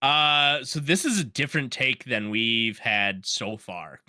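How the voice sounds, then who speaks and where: A man co-hosting a casual podcast, animated and laughing often as he acts out his own reactions. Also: mid-range voice, unhurried, no room sound, studio quality. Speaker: podcast co-host. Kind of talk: casual chat.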